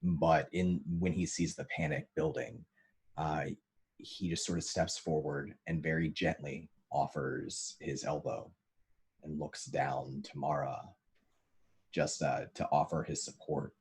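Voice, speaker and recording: A man narrating his character's actions in a tabletop role-playing game. He speaks gently and at a measured pace, with a few small fillers. His voice is extremely deep and very husky. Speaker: player. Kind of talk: casual role-play narration.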